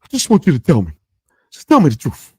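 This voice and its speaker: A man doing a pleading impression of a film actor's intense character, in a high, strained voice. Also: wildly swooping pitch, fast, mellow, slightly rough, no room sound, studio quality, full character voice.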